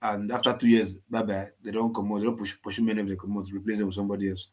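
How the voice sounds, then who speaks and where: A man on a video call who cuts in politely and then explains at a steady pace. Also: lowish voice, racing.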